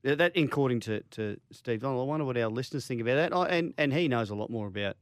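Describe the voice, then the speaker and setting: A man's voice: mid-range voice, quick pace, dry recording, studio quality. A man with an Australian accent co-hosting a sports radio show, chatty and rambling, often restarting his sentences. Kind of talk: casual sports radio banter. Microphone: studio microphone.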